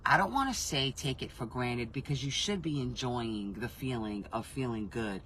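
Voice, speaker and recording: A man's voice: medium pitch, animated, moderate pace, a bit bright, slight background noise, rough recording. Rambling man giving a casual spiritual reading. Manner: rambling, self-interrupting, swears freely; frank, emotionally reactive. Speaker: intuitive reader.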